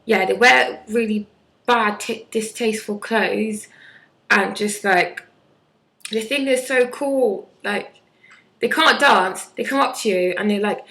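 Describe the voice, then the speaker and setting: Her voice is mid-range, creaky and a bit bright, and she speaks slowly on a rough recording. She's a vlogger in her twenties, talking bluntly and sarcastically with mocking impressions.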